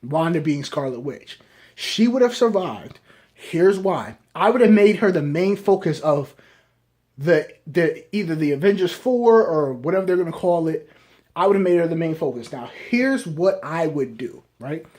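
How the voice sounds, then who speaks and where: A man's voice: on the high side, lively intonation, normal speed, darkish tone. A man giving a casual, rambling spoken movie review who keeps adding "right?" and restarts his sentences.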